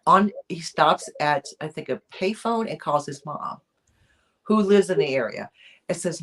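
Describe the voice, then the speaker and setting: A woman's voice: deep voice, expressive, measured pace. Rambling woman retelling a true crime story. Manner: rambling storyteller with many fillers and restarts. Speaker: co-host of a weekly chat show.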